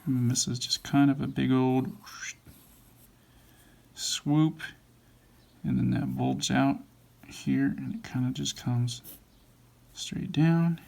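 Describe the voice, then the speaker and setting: A drawing instructor with a medium-pitched, darkish voice talks at a slow pace with fairly even intonation, vocal fry, and long pauses. He mumbles and thinks aloud as he sketches, correcting his lines. Faint background noise is present.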